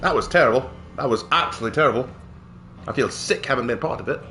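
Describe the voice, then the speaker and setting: A man's voice: mid-range voice, animated, fast, sharp tone, soft background music. A game streamer, a man, chatting through his matches in a hammy put-on British accent full of mock slang. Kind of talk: gaming livestream commentary.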